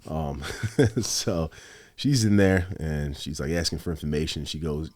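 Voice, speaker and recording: A man, a former police officer, telling stories on a podcast in a casual, animated way, swearing a lot and acting out what he said at the time. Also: very deep voice, unhurried. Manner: animated, heavy swearing, quotes himself. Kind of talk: casual storytelling.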